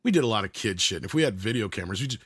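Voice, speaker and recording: A middle-aged man telling a story in casual chat, animated and profane, acting out the voices of the people in it. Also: fairly low pitch, very fast, husky, no echo, studio quality.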